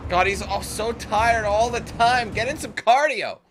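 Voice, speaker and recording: A man's voice: sits high, a little slow. A man giving casual, profane, sarcastic commentary while playing a video game. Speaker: gaming commentator. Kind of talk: casual let's-play commentary. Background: game music and sounds.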